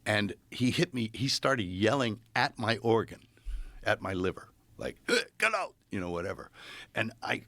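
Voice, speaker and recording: A man chatting casually, telling animated stories and acting out the people in them. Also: fairly low pitch, normal speed, vocal fry, no room sound. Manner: animated storyteller who acts out voices. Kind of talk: casual chat.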